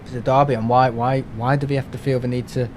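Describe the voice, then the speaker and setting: A man's voice: mid-range voice, level tone, quick pace, darkish tone, a little hiss or hum. A man from England chatting casually and rambling on a live game stream from home, with lots of restarts and fillers.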